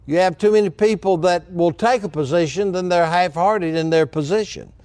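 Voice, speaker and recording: Pastor guy preaching, high voice, dry close sound, acts out little quotes. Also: normal speed, darkish tone, clean tone, no echo. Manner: preaching with shifting pace, acting out quoted voices. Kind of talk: sermon.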